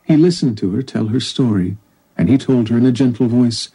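A man narrating a story in a calm, measured audiobook reading. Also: lowish voice, breathy edge, poor audio.

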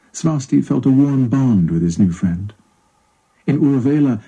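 A man narrating a story in a measured, even storytelling delivery. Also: mid-range voice, gravelly, husky, rough recording. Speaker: audiobook narrator.

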